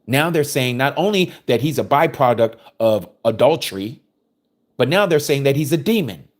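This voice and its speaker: A man preaching a sermon, reading scripture aloud and explaining it with forceful rhetorical questions. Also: medium pitch, expressive, moderate pace.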